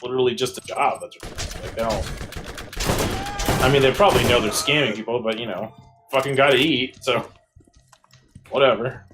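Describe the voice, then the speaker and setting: A man's voice: medium pitch, moderate pace, long pauses, background noise. Laid-back young man in gaming chat. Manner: relaxed, swears casually, short replies. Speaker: co-op gaming partner. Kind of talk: casual chat while gaming.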